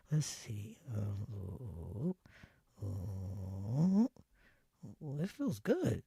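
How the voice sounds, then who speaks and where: A man casually showing off a pen on a livestream, slangy and hushed at times. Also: lowish voice, sing-song, very slow, vocal fry, slightly rough, no room sound, clean studio sound. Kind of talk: casual product talk on stream.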